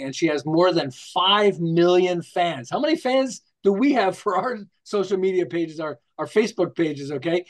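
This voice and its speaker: A man, a guest on an interview show, telling stories animatedly, acting out scenes and restarting his sentences as he goes. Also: sits high. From United States. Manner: animated, acts out quotes and scenes; rambling with restarts, tells jokes. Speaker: guest, marketing author. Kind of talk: storytelling interview.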